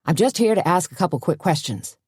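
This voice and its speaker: A man's voice: high voice, very animated, fairly quick, a little mellow, husky, no room sound, clean studio sound, full character voice. A woman voicing a peevish, indignant middle-aged male reporter in an audiobook, sputtering with outrage. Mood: peeved. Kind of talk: audiobook character voice.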